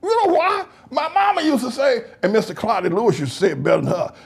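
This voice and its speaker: A male pastor giving mocking commentary on comments he reads aloud, laughing often and swinging between loud highs and low mutters. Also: wildly swooping pitch, fast talker, gravelly, slightly rough. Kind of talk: preacher's commentary reading online comments.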